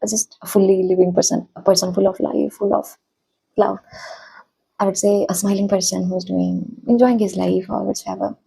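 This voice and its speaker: A young woman, a college student, talking softly and haltingly in a personal reflective vlog. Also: medium pitch, little pitch movement, vocal fry, slightly rough, low-quality recording. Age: young adult. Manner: soft-spoken, hesitant, halting.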